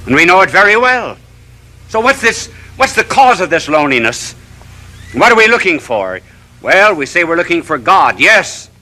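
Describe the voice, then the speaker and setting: Man, bishop, televised sermon, oratorical, rhetorical questions, high-pitched, piercing bright tone. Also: big pitch swings, normal speed, poor audio. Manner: oratorical, builds through long runs of rhetorical questions. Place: television studio.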